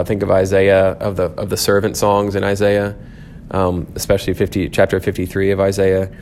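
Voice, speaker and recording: A man's voice: low voice, creaky, darkish tone, slight background noise. A man teaching a church class, thinking aloud with frequent restarts and fillers.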